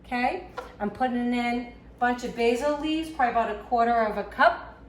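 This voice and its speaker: A woman's voice: fairly high pitch, fairly quick. Chatty Boston woman in an echoey kitchen. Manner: chatty, talks while working, self-deprecating asides. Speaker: home cook, channel host. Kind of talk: casual cooking demonstration. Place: home kitchen. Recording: echoey kitchen with faint background noise.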